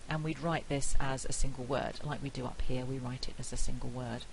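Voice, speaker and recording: A middle-aged woman with a British accent giving a university lecture, explaining clearly and saying example words aloud. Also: extremely low pitch, steady tone, slight background noise, poor audio. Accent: British English. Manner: clear, measured explanation with spoken pronunciation examples. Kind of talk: recorded phonetics lecture.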